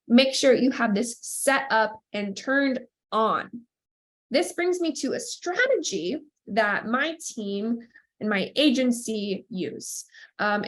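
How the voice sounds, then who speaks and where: A woman in her thirties hosting a podcast, sounding nasal and stuffed up from a cold, giving upbeat coaching tips. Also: a little high. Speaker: podcast host. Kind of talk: scripted intro, then casual solo talk.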